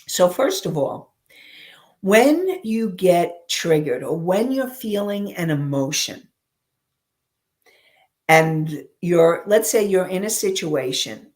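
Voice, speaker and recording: Woman, coach, slow deliberate delivery, lowish voice, teaching talk. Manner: slow, deliberate, with pauses and personal examples. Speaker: emotional intelligence coach.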